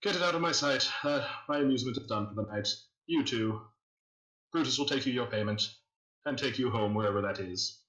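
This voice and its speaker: A man's voice: mid-range voice, fairly quick, fairly bright tone, pitched above the performer's own voice, lightly acted. A man voicing a cruel centuries-old aristocrat who cackles theatrically at others' pain. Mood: cold. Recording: echoey room.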